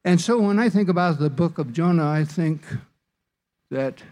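A man preaching a sermon as pastor, slow and deliberate, lifting his voice for emphasis. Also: a little high, darkish tone.

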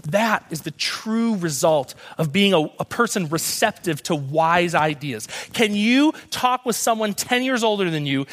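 A young man preaching a sermon as guest speaker, lively and storytelling, acting out the voices of people in his stories. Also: high-pitched. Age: young adult. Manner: animated storytelling, acts out quoted voices.

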